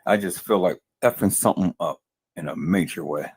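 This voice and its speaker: Furious deep-voiced man ranting on a livestream. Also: brisk, breathy edge, no room sound. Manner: furious, repeats himself, addresses viewers as peoples. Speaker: livestream host. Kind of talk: angry livestream commentary.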